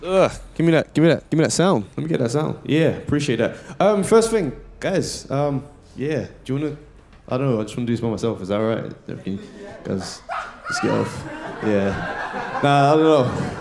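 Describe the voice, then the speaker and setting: Young man, stand-up comic, lively swooping delivery, slangy, bursts into shouts. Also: mid-range voice, normal speed, a little hiss or hum. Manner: animated, slangy, swings into loud shouted bits. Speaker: stand-up comedian. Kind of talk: stand-up comedy set. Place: live comedy venue with audience.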